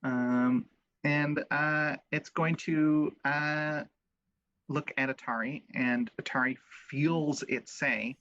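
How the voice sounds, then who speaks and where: A man's voice: on the high side, fairly even intonation, takes it slowly, fairly bright tone, muffled recording. A man playing a tabletop game, narrating in a dry, matter-of-fact way. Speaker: player. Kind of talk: casual tabletop play.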